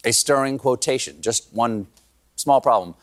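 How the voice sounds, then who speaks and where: A man's voice: medium pitch, measured pace. Man delivering a punchy comedy monologue. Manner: punchy joke delivery, laughing at his own lines. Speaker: late-night comedy host.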